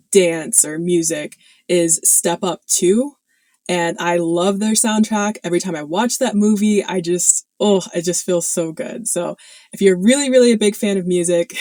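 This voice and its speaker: A woman's voice: lowish voice, warm tone, no room sound. Chatty woman, dry close sound. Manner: chatty, many fillers, laughs often. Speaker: video host. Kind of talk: casual talk to camera.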